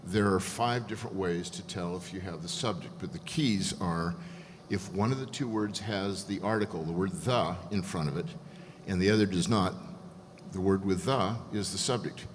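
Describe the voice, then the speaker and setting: A man calmly explaining Greek grammar point by point as a guest scholar. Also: low voice, a little hiss or hum. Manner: measured, methodical explanation. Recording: echoey hall, faint ambience.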